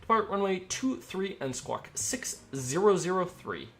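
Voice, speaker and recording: A man streaming himself as an air traffic controller. He talks in an upbeat, rambling way between crisp radio calls. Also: high voice, sing-song, unhurried, fairly bright tone. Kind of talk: live-stream commentary mixed with radio phraseology.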